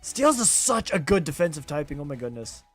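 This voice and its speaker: High-voiced man streaming a game. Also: a little fast, breathy edge, faint music behind. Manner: animated, self-critical, talks straight to viewers. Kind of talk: live gameplay stream commentary.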